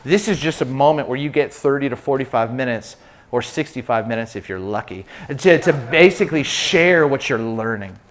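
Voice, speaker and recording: A man preaching a sermon, telling personal stories in an animated way and acting out the people he quotes. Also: mid-range voice, normal speed. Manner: animated storyteller, acts out quoted voices. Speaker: pastor.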